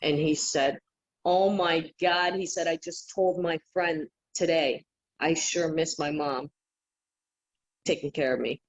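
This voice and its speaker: A woman guest on a podcast, telling stories in an animated, casual way and laughing often. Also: deep voice, takes it slowly. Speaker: podcast guest, psychic healer. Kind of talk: casual interview storytelling. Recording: dull lo-fi remote audio.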